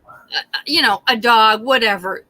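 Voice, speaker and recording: A woman hosting a live stream, chatting casually and telling a story in an animated way, with frequent swearing. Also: a little high, a little slow, no echo. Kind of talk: casual chat.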